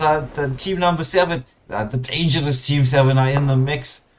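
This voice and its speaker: A man casts an online shooter tournament live, talking through the fights with plenty of fillers and sudden jumps in excitement at big plays. His voice sits in a middle register. Steady noise runs clearly under the whole recording. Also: mid-range voice, moderate pace, few pauses. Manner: excitable play-by-play with frequent fillers and bursts of excitement. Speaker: esports caster. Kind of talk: live game commentary.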